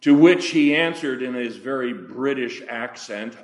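An older man preaching a sermon, deliberate and slowing down, his voice dropping for emphasis. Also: mid-range voice, roomy sound. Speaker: pastor.

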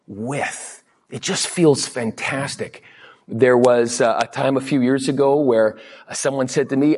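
A man giving a conversational sermon as a guest preacher, telling chatty anecdotes and quoting people in lively voices. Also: mid-range voice, moderate pace.

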